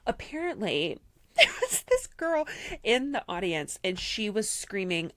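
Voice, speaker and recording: A young woman co-hosts a casual podcast and tells a story with lively energy, acting out the voices of the people in it. The recording is close and dry, with no room sound. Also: lowish voice, measured pace, no echo. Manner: animated storyteller who acts out quotes. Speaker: podcast co-host. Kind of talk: casual chat.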